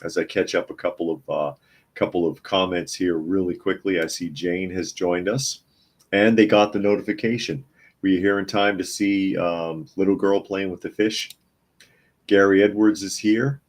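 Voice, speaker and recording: A man's voice: low voice, fairly even intonation, moderate pace. A man hosting a live news talk podcast from his home office, chatting casually and reading headlines aloud with his own comments. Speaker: podcast host.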